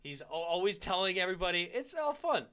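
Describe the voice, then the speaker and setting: A man hosting a casual sports talk show, animated and reacting to a rival's clip. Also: sits high, fast, smooth. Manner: animated, swings from heated to sheepish. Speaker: sports talk channel host.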